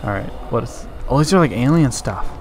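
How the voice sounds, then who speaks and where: Over faint background noise, a man with a medium-pitched, lively voice gives brisk let's-play commentary during gameplay. He startles easily and lets out screams whenever he gets scared.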